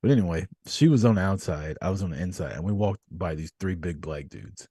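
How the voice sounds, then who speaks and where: Husky low-voiced man telling profane stories. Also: a little fast, dry recording, studio quality. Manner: profane, storytelling, animated. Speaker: podcast host. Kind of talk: casual chat.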